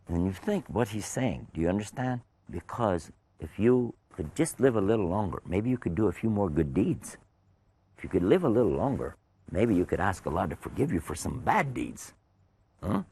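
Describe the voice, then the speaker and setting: A man's voice: sits low, creaky, dark tone, breathy edge. An older man telling a religious story to children in a folksy, conversational way, often asking his listeners questions.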